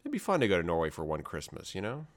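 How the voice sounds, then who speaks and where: A man's voice: low-pitched, wildly swooping pitch, fast talker. A man co-hosting a podcast in easygoing casual chat, often chiming in to agree. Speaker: podcast co-host.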